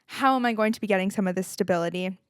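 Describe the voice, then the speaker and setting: A woman's voice: medium pitch, racing, clean tone, no room sound, clean studio sound. A young woman, hosting a solo podcast in a candid, casual, chatty way, with filler likes and the odd swear word. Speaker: podcast host.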